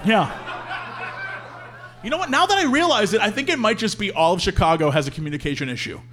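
Animated high-pitched man telling a comic story. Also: fast, faint music behind. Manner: animated, acts out the people in his story. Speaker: podcast co-host. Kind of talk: comedic storytelling on a live show. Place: live show stage.

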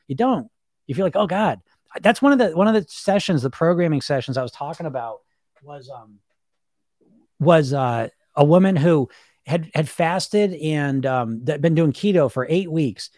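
A man's voice: a little high, darkish tone, no room sound, clean studio sound. A man hosting a weight loss podcast, talking casually in a frank, rambling, blunt way with lots of filler words. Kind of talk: casual motivational talk.

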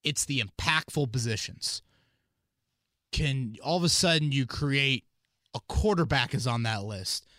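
Male podcast host, casual sports talk, rambling and animated, dry studio sound. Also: medium pitch, unhurried, no room sound. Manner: animated, rambling, many fillers and restarts. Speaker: podcast host and team analyst.

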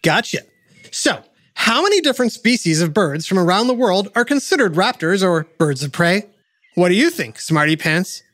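A woman's voice: lowish voice, very animated, normal speed, fairly bright tone, no echo. A woman hosting and narrating a kids' science show, playfully quizzing the listener. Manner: playful, addresses the listener with quiz questions. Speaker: narrator and host. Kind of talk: scripted educational narration for kids.

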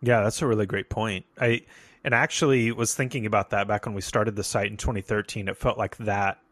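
A man hosting a casual music podcast, talking in a relaxed way with lots of fillers. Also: fairly low pitch, fairly quick, dry recording. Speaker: podcast host.

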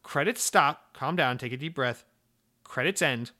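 Animated, bright-voiced gaming podcast host. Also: male voice, medium pitch, unhurried. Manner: animated, swearing, exclaims. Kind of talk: casual gaming podcast chat.

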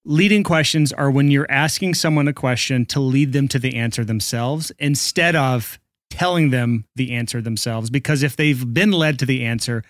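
A man's voice: mid-range voice, normal speed, no room sound, studio quality. A man co-hosting a casual podcast, joking and teasing his partner in easy banter. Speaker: podcast co-host.

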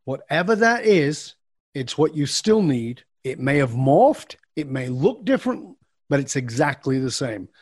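Animated storytelling man, dry sound. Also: a little high, unhurried, husky, dry recording. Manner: animated storyteller acting out dialogue. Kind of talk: podcast interview answer.

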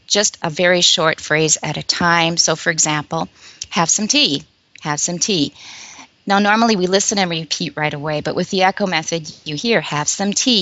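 A woman's voice: lowish voice, fairly bright tone, dull audio. A woman, an English professor, explaining a language learning method as an interview guest, patient and demonstrative, repeating short phrases for the listener.

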